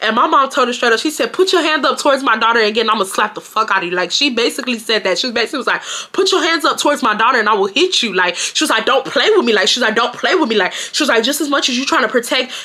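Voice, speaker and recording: A woman, telling a storytime vlog in an animated, profane way and acting out the shouting. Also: fairly high pitch, very fast. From Houston, Texas. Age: 20s. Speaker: storytime vlogger. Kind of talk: casual storytelling.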